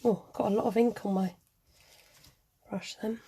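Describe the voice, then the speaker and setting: A woman's voice: mid-range voice, steady tone, moderate pace, dark tone, slightly rough. A middle-aged woman hosting a craft video, chatting casually and muttering to herself as she works, with the odd giggle. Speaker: craft vlogger. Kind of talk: casual chat while crafting.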